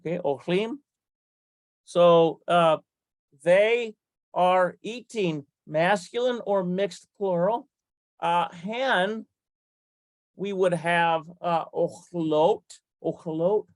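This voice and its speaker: A slow, deliberate teacher walks through a Hebrew grammar lesson, spelling out each letter and vowel one at a time. The voice sits at a middle pitch, pauses for frequent fillers and corrects itself as it thinks aloud. The sound is close and dry, with no room echo.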